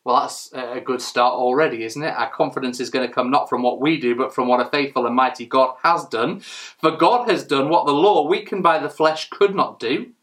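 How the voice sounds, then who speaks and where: A man's voice: medium pitch, normal speed, a bit bright. A man preaching a sermon in church, earnest and emphatic, asking rhetorical questions as he reads and explains scripture.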